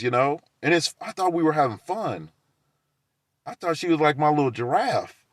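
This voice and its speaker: A man's voice: on the high side, very animated, normal speed, no echo. Rambling man in a dry, close room. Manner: rambling, laughs between lines, acts out quoted exchanges. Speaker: vlogger telling a story. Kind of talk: casual rambling monologue.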